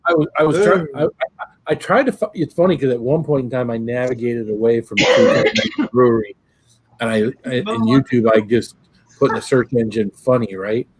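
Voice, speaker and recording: A man's voice: medium pitch, sing-song, normal speed, breathy edge, no room sound. Rambling laid-back livestream host man. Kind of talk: casual chat.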